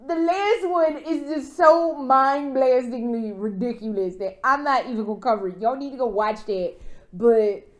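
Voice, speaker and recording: Woman vlogger with a high, bright voice, ranting casually; profane, rambling, animated, lots of fillers. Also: normal speed. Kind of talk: casual rant.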